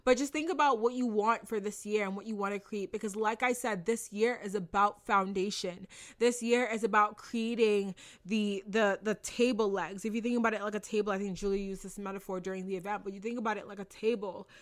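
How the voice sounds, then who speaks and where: A woman's voice: medium pitch, fairly even intonation, fairly quick. A young woman hosting a podcast, giving an emphatic motivational talk with lots of repetition, casual swearing and laughs. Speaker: podcast host and manifestation coach.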